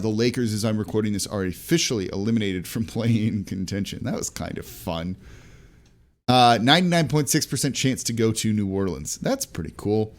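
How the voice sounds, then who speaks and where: A man hosting a solo sports podcast, talking through basketball news in an energetic, conversational way with quick asides. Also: mid-range voice. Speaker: podcast host.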